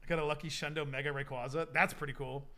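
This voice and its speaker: A young man hosting a livestream, chatting casually in an excitable, rambling way. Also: a little high, quick pace. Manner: excitable, rambling, laughs often. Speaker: livestream host. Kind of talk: casual stream chat.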